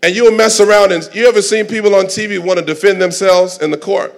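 A man in the pulpit delivers a sermon with a somewhat high-pitched voice. His delivery is dramatic, drawing the congregation close with quiet asides before building to fervent shouts. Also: steady tone, fast, creaky. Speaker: pastor.

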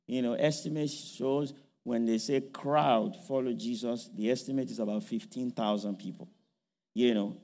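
A man's voice: mid-range voice, darkish tone. A man preaching a sermon, firing rhetorical questions with many fillers and restarts, and raising his voice sharply when he acts out a quote. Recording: long hall reverb.

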